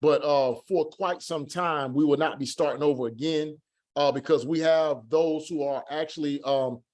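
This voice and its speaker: A man teaching a Hebrew class online, patiently repeating words slowly to drill their pronunciation. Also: fairly high pitch, fairly even intonation, a little mellow.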